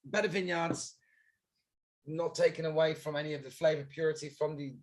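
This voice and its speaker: A man's voice: on the high side, steady tone, a little fast. A man presenting wines on a live tasting stream, explaining with enthusiasm in rambling talk full of fillers. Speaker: wine presenter on a tasting livestream. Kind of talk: casual chat.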